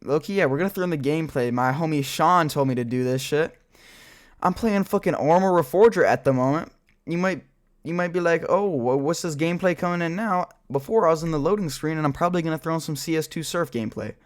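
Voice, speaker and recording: A man's voice: a little high, quick pace. A young man telling a rambling, profane childhood story in a casual vlog while gaming, full of filler words. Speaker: storyteller vlogger.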